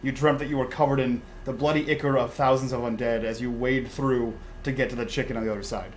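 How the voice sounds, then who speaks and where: A man's voice: medium pitch, steady tone, fast, slight background noise, poor audio. A man narrating a tabletop role-playing game as dungeon master, describing scenes with frequent restarts and fillers. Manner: descriptive, restarts often with uh and repeated words.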